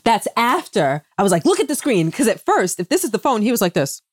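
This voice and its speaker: A woman's voice: on the high side, sing-song, fairly quick, no room sound, clean studio sound. A woman co-hosting a podcast, chatting casually and teasingly, jumping in to finish stories. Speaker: podcast co-host. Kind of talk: casual chat.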